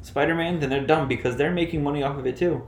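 A man's voice: a little high, quick pace, reverberant, a loud crowd. A man hosting a casual podcast chat, assertive and steering the conversation. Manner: assertive, runs the segment. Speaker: podcast host.

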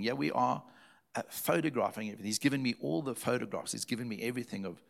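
A man's voice: medium pitch, fast, gravelly. A man, a preacher, earnestly recounting a story as a testimony and repeating phrases for emphasis.

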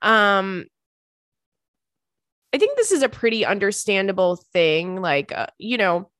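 A woman's voice: mid-range voice, animated, measured pace, fairly bright tone, no room sound, clean studio sound. A woman in her thirties hosting a casual show, chatting loosely and rambling as she answers listener emails, swearing freely. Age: 30s. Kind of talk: casual chat.

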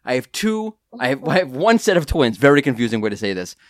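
A man hosting a podcast from home, telling stories in a lively, self-deprecating way with quick asides. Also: medium pitch, no echo, clean studio sound. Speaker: podcast host. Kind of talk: casual podcast chat.

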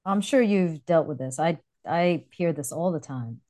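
A woman co-hosting a casual podcast as a dance instructor, chatty and quick to laugh. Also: deep voice, lively intonation, mellow.

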